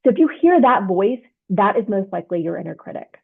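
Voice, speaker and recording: A woman coach walks listeners through a self-help lesson in a patient, explanatory way, tossing in "right?" to check they follow. Her voice sits at an ordinary middle pitch for a woman. The sound is thin and tinny, like it's coming through a phone line. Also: very animated, fairly quick, creaky, husky. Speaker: leadership coach. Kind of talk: instructional self-help talk.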